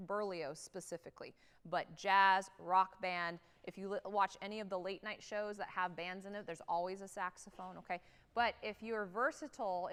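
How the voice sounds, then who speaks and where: A woman conducting a high school band rehearsal, energetic and singing rhythms aloud to demonstrate them. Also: clear, resonant tone. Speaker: guest conductor. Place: large theatre stage. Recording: reverberant hall.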